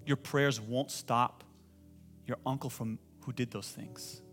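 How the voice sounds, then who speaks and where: A man preaching a sermon as pastor to a congregation, asking them to repeat phrases and building to loud, impassioned pleading. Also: mid-range voice, fairly even intonation, slow pace, soft background music. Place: church hall with congregation.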